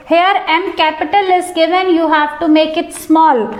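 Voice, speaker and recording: A woman's voice: extremely high pitch, fairly even intonation, a little slow, few pauses, reverberant. A woman teacher, explaining a textbook lesson to students step by step and often addressing them directly.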